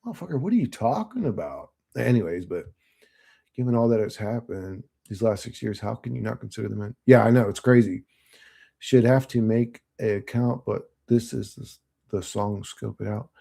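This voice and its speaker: Gravelly, husky, and warm, this man's lower-pitched voice is expressive at a normal speed. As a channel host from Florida in his late thirties, he talks through viewer comments in a casual, rambling way, full of swearing and fillers.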